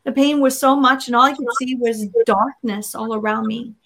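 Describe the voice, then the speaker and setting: A woman's voice: fairly high pitch, fairly even intonation, normal speed, a bit bright. An adult woman sharing a personal faith testimony in an interview, earnest and vivid, acting out her own past words as she goes. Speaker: interview guest.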